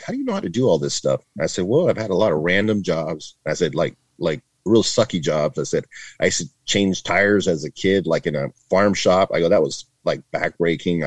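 Man, 50s, from Northern California, retired agent and podcast guest; deep voice, dry booth sound, rambling and animated. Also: no echo. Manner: chatty, heavy with "like" and "man", acts out quoted voices. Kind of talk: casual interview storytelling.

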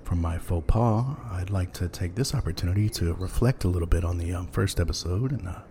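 A man's voice: deep voice, a little fast, mellow, a little hiss or hum. A man hosting a podcast, chatting loosely with many ums and uhs and frequent chuckles. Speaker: podcast host. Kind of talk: rambling casual chat.

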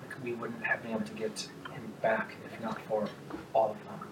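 A man's voice: on the low side, completely flat delivery, moderate pace, lightly acted. Man voicing a curt elven tavern-keeper mother. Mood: hushed. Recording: echoey room from a distance, noisy.

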